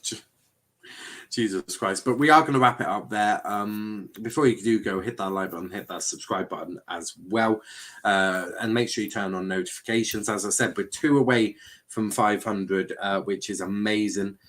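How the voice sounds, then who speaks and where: A man's voice: on the low side, moderate pace, fairly bright tone. A man hosting a casual panel chat, reading out chat comments and teasing his co-host. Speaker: show host.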